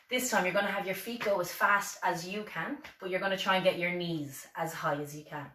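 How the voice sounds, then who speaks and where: A woman's voice: medium pitch, bright, forceful tone. Encouraging Irish woman leading exercises. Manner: encouraging, counting reps, brief self-deprecating asides. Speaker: fitness instructor. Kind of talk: leading a seated exercise class. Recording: echoey room, voice from far off.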